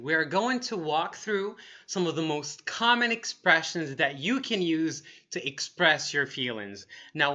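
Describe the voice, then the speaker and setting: A man teaching an online English lesson in an energetic, upbeat way, saying example phrases slowly. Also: on the high side.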